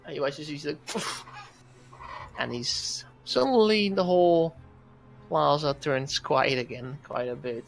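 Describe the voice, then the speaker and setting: A man narrating as dungeon master in a casual streamed game, with sudden loud bursts. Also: on the high side, animated, normal speed, vocal fry, soft background music.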